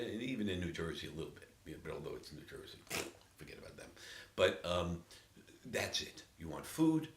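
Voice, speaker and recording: An older man from New York City with a New York accent, talking in a casual, animated monologue about his hometown, often dropping into loud whispers for emphasis. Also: deep voice. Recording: roomy, distant from the mic, faint ambience.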